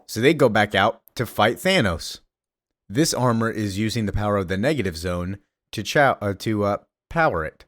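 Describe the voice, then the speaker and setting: A man's voice: fairly low pitch, expressive, normal speed, fairly bright tone, dry recording. A man casually recapping a comic story, rambling with many fillers.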